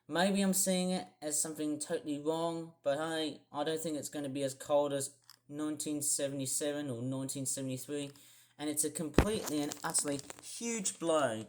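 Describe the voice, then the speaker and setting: A man's voice: fairly high pitch, fairly even intonation, normal speed. A man vlogging casual weather commentary over forecast charts, rambling and correcting himself as he goes. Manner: rambling, self-correcting, grumbling.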